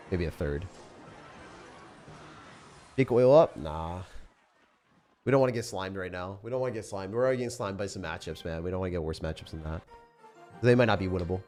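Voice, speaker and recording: A young man streaming a game live, chatting through each play in loose, slangy banter. His voice sits a bit low, and a faint music bed plays under it. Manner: loose, jokey, slangy banter with sudden shouts. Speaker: gaming streamer. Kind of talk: live gameplay commentary.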